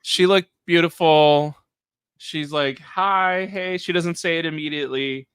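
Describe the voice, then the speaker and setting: Smooth-voiced man in casual recap chat. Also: a little high, steady tone, dry recording. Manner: chatty, quick to mimic people in quotes. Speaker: co-host of a reality TV recap show.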